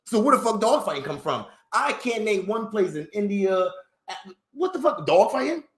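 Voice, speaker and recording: A man's voice: sits high, moderate pace. A man ranting in a rambling, profane vlog monologue, full of slang and rhetorical questions. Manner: animated, swearing, heavy slang, rhetorical questions. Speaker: vlogger. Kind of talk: profane, rambling opinion rant. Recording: roomy echo.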